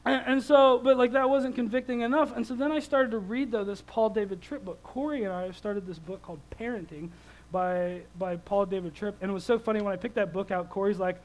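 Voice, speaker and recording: A man in his thirties preaching a sermon, conversational and animated, telling stories with lively swings in loudness. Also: high voice, fairly quick, poor audio.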